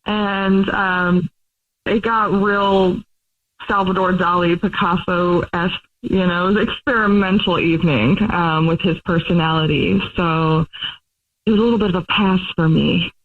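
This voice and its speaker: A woman's voice: fairly low pitch, fairly even intonation, a little slow. A woman calling in to a radio show, talking casually and hesitantly with many ums and laughs. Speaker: caller. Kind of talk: casual phone chat. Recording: phone line.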